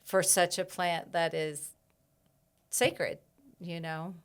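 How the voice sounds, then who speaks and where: A woman herbalist in a casual podcast interview, reflective, pausing often with fillers and laughing easily. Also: fairly low pitch, flat delivery, clean tone. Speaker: herbalist guest.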